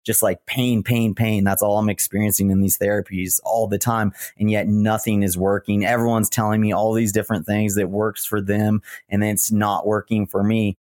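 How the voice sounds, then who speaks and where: A man with a lowish voice tells his story in an earnest, reflective way. He is a podcast guest. The sound is dry and close, with no room around it. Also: flat delivery, normal speed, hardly any pauses, a little mellow, dry recording. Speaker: guest, retired marathon runner. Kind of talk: podcast interview.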